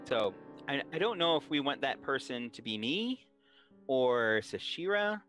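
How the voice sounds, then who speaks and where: A man's voice: mid-range voice, expressive, unhurried, a bit bright, faint music behind. A man playing a tabletop game, reasoning aloud in a hesitant, casual way. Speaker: player.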